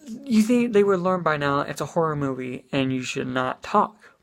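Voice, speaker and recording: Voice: medium pitch, normal speed, creaky. A speaker giving a casual spoken movie review as an exasperated rant, full of "you know" and swearing.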